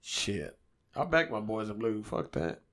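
Animated, foul-mouthed storyteller man. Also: lowish voice, measured pace. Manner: animated storytelling, swears a lot. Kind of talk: casual profane chat.

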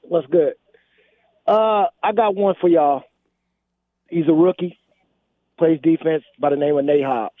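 A man's voice: fairly high pitch, a little slow, pauses often, dry recording. A man calling in to a sports radio show, casually giving his pick for a surprise player. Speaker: caller. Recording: dry tinny phone line.

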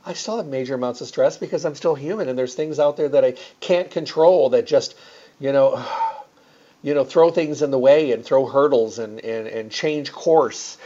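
A man's voice: medium pitch, warm tone. A man hosting a health show, talking casually and rambling with many fillers and restarts. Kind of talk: casual promotional talk. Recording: slightly dull lo-fi sound.

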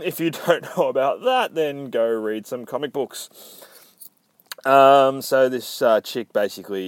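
A man's voice: on the low side, dry recording. A man casually recapping a comic book aloud, rambling with profane, self-mocking asides.

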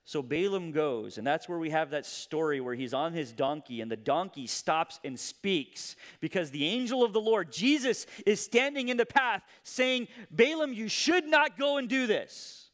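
A man preaching a sermon, retelling scripture in an animated way that swings between loud emphasis and hushed asides. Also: fairly high pitch, normal speed, few pauses, big-room sound. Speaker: pastor.

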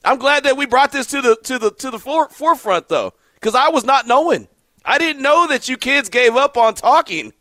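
A middle-aged man hosts a radio show in casual, animated banter. His voice sits very high and bright. The sound is dry and close to the mic. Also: normal speed, no room sound. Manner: animated, teasing, laughs often.

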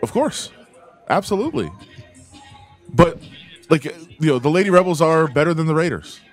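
Sports radio co-host, man, blunt, animated pitch, music bed under. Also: normal speed. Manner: blunt, argumentative. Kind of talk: casual sports radio chat.

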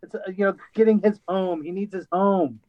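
A man co-hosting a casual movie podcast, relaxed and agreeable. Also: sits high, fairly quick. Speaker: podcast co-host. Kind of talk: casual movie review chat. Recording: slightly muffled dry mic.

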